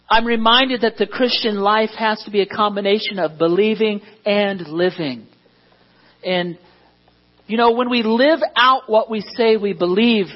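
A man's voice: sits high, breathy edge, lo-fi sound. A man preaching a sermon as pastor, conversational and self-deprecating, often asking the congregation questions.

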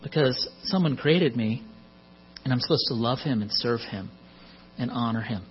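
A man's voice: medium pitch, moderate pace. A middle-aged man preaching a sermon in a conversational way, with joking asides, on a muffled recording with mains hum.

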